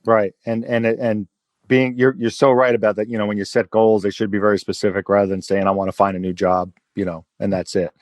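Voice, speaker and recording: A man's voice: lowish voice, level tone, brisk, darkish tone, no echo. A man hosting a podcast who talks emphatically in casual chat, often repeating words as he gets going. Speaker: podcast host.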